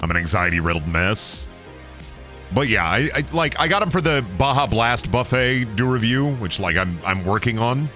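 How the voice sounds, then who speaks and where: Animated, joking male streamer. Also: mid-range voice, normal speed, faint music behind. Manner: self-deprecating, rambling, jokey. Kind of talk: casual gaming stream chat.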